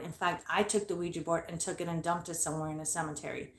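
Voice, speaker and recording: Blunt, foul-mouthed woman, low voice. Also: steady tone, fast, echoey room. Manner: blunt, swears constantly. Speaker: paranormal investigator vlogger. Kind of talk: casual ghost-story telling. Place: her bedroom at home.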